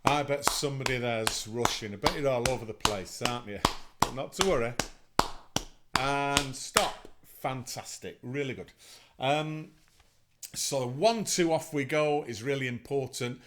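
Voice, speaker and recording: A man's voice: medium pitch, a little slow, very noisy. A man teaching an online music lesson to children, upbeat and encouraging as he counts them in. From England.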